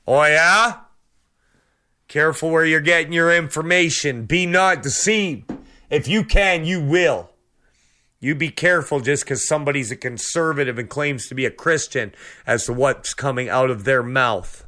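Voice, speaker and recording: A man's voice: a little high, normal speed, bright, forceful tone. A man preaching a sermon with fervor, peppering his talk with amens and praise the Lords. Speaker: radio preacher.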